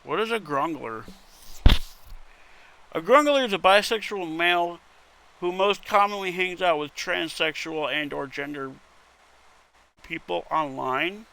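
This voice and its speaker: A man's voice: a little high, measured pace, gravelly, pauses often, sharp tone, a little hiss or hum. A man reading internet posts aloud in casual commentary, wry and muttering, with casual swearing. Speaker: content creator reading posts.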